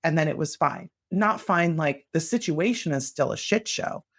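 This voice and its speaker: A woman's voice: sits low, animated, normal speed. A woman guest on a podcast, earnestly explaining her ideas and acting out her own self-talk in casual conversation.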